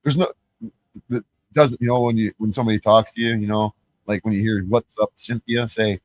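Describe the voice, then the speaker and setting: A man's voice: fairly low pitch, brisk, a little mellow, no echo, poor audio. A man ranting on his live stream, profane and rambling, who often restarts his words.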